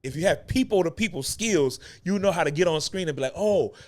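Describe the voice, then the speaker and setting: Middle-aged male host with a fairly high voice, emphatic and loose, ranting to actors. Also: lively intonation, fast. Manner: emphatic, repeats himself, casual slang. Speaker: acting coach and podcast host. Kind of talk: unscripted talk-show rant.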